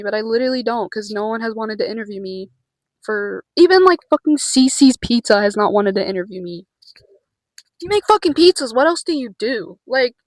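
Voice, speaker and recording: A woman's voice: on the high side, no room sound, rough recording. A young woman chatting casually in a vlog, nervous and rambling, with casual swearing. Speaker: vlogger.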